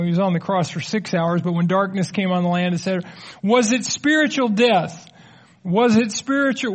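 A middle-aged man with a fairly high voice leads a teaching sermon. He explains in a loose, conversational manner, slipping in light jokes while taking questions from the audience. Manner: conversational, explanatory, joking asides. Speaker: preacher.

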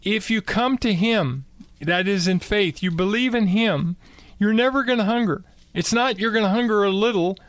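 A man's voice: sits high, normal speed, a bit bright, dry recording. An older man co-hosting a casual Bible discussion, talking emphatically and repeating key words for stress. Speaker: co-host.

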